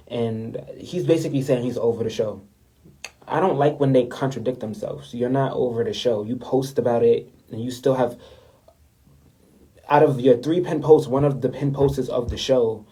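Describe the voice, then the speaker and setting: Young guy ranting to his viewers on a vlog, warm mellow voice, keeps repeating himself. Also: medium pitch, steady tone, moderate pace, rough recording. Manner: indignant, repetitive, addresses viewers as y'all. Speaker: vlogger. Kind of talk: story time rant to camera.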